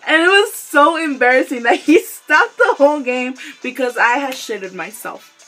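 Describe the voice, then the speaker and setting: Young woman vlogging a story, kinda high voice, giggles a lot, swears, keeps saying sorry, faint music behind. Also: expressive, moderate pace, a bit bright, rough recording. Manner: giggly, breaks into laughter often; candid and profane, apologetic asides. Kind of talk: casual storytelling vlog. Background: faint instrumental music.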